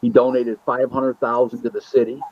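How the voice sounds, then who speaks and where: A man's voice: mid-range voice, brisk, husky, no room sound. A man from Buffalo, New York, telling stories as a boxing matchmaker in a casual interview, acting out the dialogue as he goes. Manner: animated storyteller who acts out quoted dialogue. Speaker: boxing matchmaker and booking agent. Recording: dull, lo-fi, dry sound.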